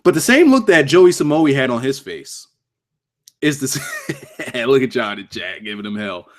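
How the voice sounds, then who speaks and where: A man talking loosely on his own livestream, reviewing a wrestling show. His pitch jumps around a lot as he rants, swears and cracks himself up. It sounds like off-the-cuff chat with his viewers. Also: normal speed. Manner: animated, profane, laughing, joking with chat.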